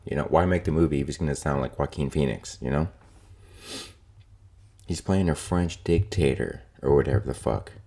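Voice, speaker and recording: A young man whose voice is extremely low and dark rants casually on his own solo podcast. Opinionated and profane, he rambles through his points with lots of filler words, as loose as if chatting with friends.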